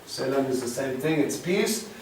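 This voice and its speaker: A man's voice: mid-range voice, animated, normal speed, darkish tone. Man teaching Bible in an echoey room. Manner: explains Hebrew words, quizzes the class. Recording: roomy, distant mic with faint hiss.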